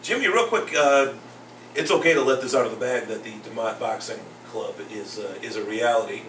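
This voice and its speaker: A man with a medium-pitched, fairly quick voice hosts a casual boxing talk show, telling stories and acting out what other people said. He's an animated storyteller who is both a podcast host and a second grade teacher. The recording has a roomy echo and faint noise, with him sitting far from the mic.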